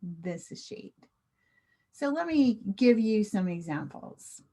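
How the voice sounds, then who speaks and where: An American woman teaching English slang in an online class. She speaks clearly and asks the viewer questions. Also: mid-range voice, big pitch swings, slow, dark tone.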